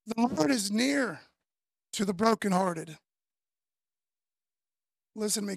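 A man, preaching a sermon in a loose, conversational way, often tagging lines with "man" and dropping from loud to soft. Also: sits high, expressive, slow pace, gravelly, pauses often, no room sound, studio quality. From Florida, US. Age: 50s. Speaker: pastor.

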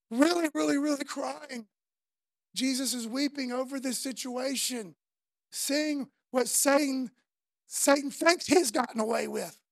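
A woman's voice: sits high, dry recording. A woman preacher delivering a fervent, conversational sermon full of casual slang.

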